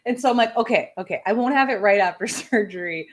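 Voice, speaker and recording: A woman hosting a casual talk-radio show, ranting with lots of swearing and chatting about her day. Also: mid-range voice. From outside the United States. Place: home studio, smoking while on air.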